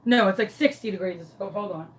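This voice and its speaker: A woman telling a comic story in a craft tutorial, animated, dramatic and self-mocking. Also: mid-range voice, quick pace. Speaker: crafting vlogger.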